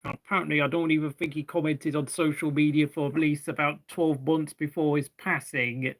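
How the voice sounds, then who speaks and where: A man's voice: on the high side, level tone, normal speed, a bit bright. A young man hosting a live race watchalong, chatting casually and rambling to fill the gaps between race updates. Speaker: watchalong host.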